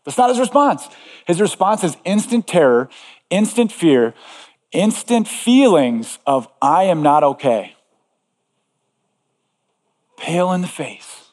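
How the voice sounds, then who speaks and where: A man's voice: high-pitched, sing-song, unhurried, a little mellow, in a large hall. A man preaching a sermon as pastor, earnest and emphatic, repeating key phrases.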